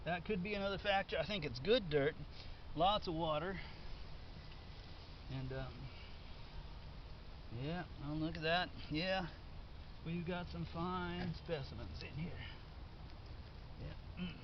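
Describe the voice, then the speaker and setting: A fairly high-voiced man talks casually as he works outdoors in his garden, thinking aloud and breaking into delighted exclamations. The recording is dull and lo-fi, with clear background noise from outside and passing traffic. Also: slow pace, pauses often. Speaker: home gardener. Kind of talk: casual narration while digging up potatoes.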